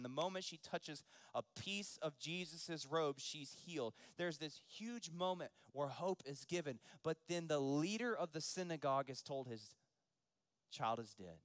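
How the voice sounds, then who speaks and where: A man preaching a sermon, moving from quiet storytelling to loud, rising preaching. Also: fairly high pitch, no echo. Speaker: pastor.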